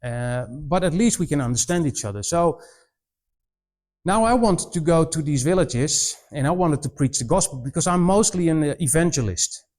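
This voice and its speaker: A man's voice: a little high, expressive, normal speed, a little mellow. A middle-aged man from the Netherlands with a Dutch accent, giving a humorous presentation to students as a missionary, telling anecdotes with frequent restarts. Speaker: missionary speaker.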